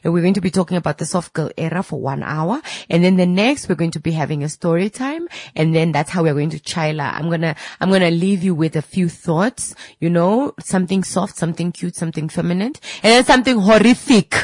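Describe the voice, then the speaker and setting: A playful woman hosting a late-night radio talk show. She chats freely, repeats words for flair and addresses listeners as ladies and gentlemen. Her voice is close to a studio mic, dry and clear. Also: on the low side, brisk, few pauses, no echo. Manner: playful and chatty, breaks into sung vocal riffs and sound effects. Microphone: studio microphone.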